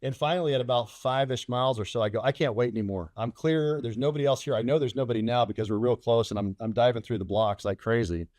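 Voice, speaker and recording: Fast-talking man telling a war story. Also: darkish tone, no room sound. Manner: acts out radio calls and dialogue, rising sharply in pitch. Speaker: fighter pilot guest.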